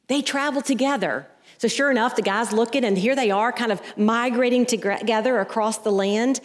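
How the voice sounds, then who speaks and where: Her voice sits on the high side with fairly even intonation and a moderate pace as this woman pastor delivers a sermon. She tells anecdotes and performs the characters' voices, speaking into an ear-worn headset mic in a space with long hall reverb.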